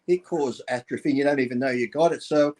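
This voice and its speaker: A man's voice: medium pitch, quick pace, darkish tone. A man co-hosting a podcast, chatting casually in a blunt, joking way and swearing. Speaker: podcast co-host. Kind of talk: casual chat.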